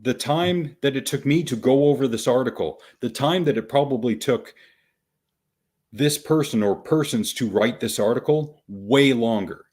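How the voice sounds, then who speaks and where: Wry man explaining slowly. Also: mid-range voice, darkish tone. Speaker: podcast host. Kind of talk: casual podcast commentary.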